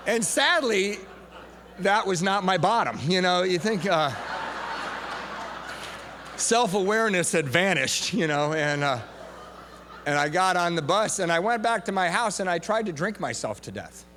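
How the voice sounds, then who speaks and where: A middle-aged man with a Southern Californian accent, speaking candidly at a recovery meeting, self-mocking and full of halting restarts. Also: high voice, lively intonation, pushed and bright. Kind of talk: personal testimony talk. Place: large convention hall. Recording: hall echo, faint hum.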